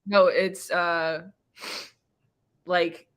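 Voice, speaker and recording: Guest, female, lower voice, emotional rambling book talk full of restarts. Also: level tone, extremely slow, fairly bright tone. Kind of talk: casual book discussion.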